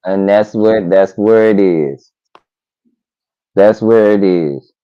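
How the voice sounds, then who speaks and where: A man in a casual discussion, halting and restarting as he slowly builds his point. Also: fairly low pitch, clean tone, highs cut off. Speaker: co-host.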